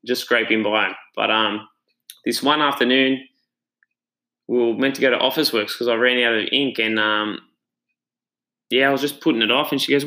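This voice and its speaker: An Australian man speaks in a relaxed, chatty storytelling manner, earnest and reflective. His voice sits at a middle pitch and has a bright, forward tone. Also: moderate pace, pauses often, poor audio. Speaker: gym owner and trainer. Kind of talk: casual personal storytelling.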